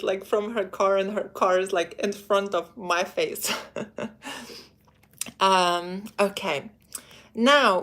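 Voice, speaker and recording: Chatty woman coaching ladies on dating. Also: medium pitch. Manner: chatty, direct, addresses viewers as ladies; acts out quoted men in quick put-on voices. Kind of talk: live-stream advice talk.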